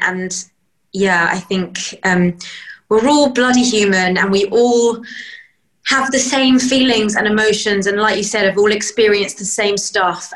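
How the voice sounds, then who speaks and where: A woman's voice: mid-range voice, a bit bright, echoey room, poor audio. A woman guest on a podcast, speaking in a reflective, open way and often searching for her words. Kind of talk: casual podcast conversation.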